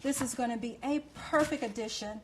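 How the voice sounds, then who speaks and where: Woman host of a cooking show, bubbly and effusive, slightly high voice. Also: brisk, noisy background. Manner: gushing and effusive. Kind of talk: cooking demonstration.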